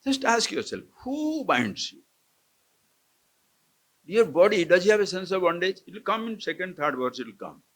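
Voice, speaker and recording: Swami giving a talk to a camp crowd, kinda high voice, keeps asking questions and chuckling. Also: male voice, moderate pace, pauses often. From India. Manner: animated, questioning, playful, chuckles often. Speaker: swami teaching scripture. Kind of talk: live spiritual discourse to a camp audience. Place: lecture hall at an ashram camp.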